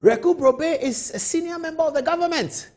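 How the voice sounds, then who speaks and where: A man's voice: extremely high pitch, brisk, darkish tone. A man hosting a live late-night TV talk show, telling a long hypothetical story and firing rhetorical questions at his viewers.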